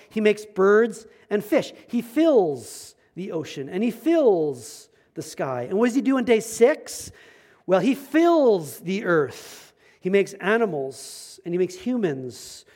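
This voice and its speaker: Male pastor, relaxed sermon delivery, slightly high voice, punchy emphasis. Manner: conversational, emphatic, self-deprecating asides.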